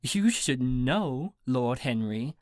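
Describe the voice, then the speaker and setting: A man's voice: mid-range voice, expressive, takes it slowly, no echo, studio quality. A man voicing a young woman in a delusion who plays a haughty lady with a put-on posh British accent, theatrical and prim. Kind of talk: audiobook character voice.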